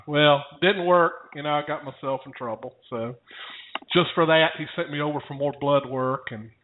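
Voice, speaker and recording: A man's voice: fairly high pitch, a little slow, a little hiss or hum. A man casually telling a rambling story to his co-host, often chuckling. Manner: rambling, chuckling anecdote teller. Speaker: podcast co-host. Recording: tinny phone-like audio.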